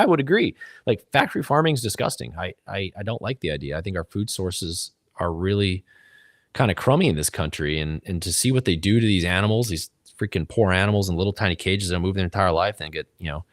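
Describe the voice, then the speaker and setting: Deep-voiced driven Texan man. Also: no room sound, studio quality. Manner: driven, rambling, emphatic. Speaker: podcast guest, hunting media founder. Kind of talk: casual podcast conversation.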